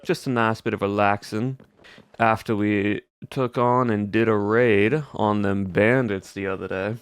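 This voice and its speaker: A man's voice: lowish voice, fairly even intonation, a little slow, clean tone, no room sound. Laid-back man with a put-on Southern drawl. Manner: laid-back folksy drawl, rambling asides. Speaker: streamer playing a cowboy. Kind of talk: casual in-character roleplay chat.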